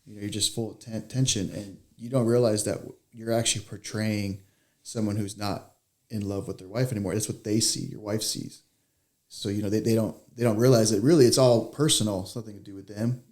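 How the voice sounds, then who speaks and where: American male host, low-pitched, reflective and conversational. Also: fairly even intonation, a little fast, a little mellow. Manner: reflective, speaks from shared experience. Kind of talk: conversational interview.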